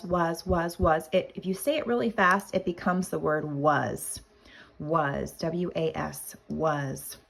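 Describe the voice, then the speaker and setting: Kindergarten teacher, woman, very slow and patient, slightly gravelly low voice, spells words out letter by letter. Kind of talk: slow spelling lesson for young children.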